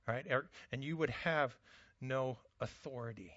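A man's voice: medium pitch, a little slow, a bit bright, dry recording, lo-fi sound. A man preaching a conversational sermon as a pastor, often restarting his words.

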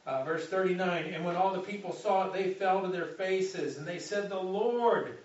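Male pastor, slightly high voice, distant dull sanctuary sound, lively sermon reading with asides. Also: normal speed, heavy reverb, slight background noise. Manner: animated, jokey asides between readings, repeats words when restarting.

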